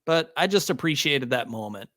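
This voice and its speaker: A man appearing as a guest on a film review podcast, giving measured, considered opinions in a casual chat. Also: mid-range voice, lively intonation, a bit bright, no echo, studio quality.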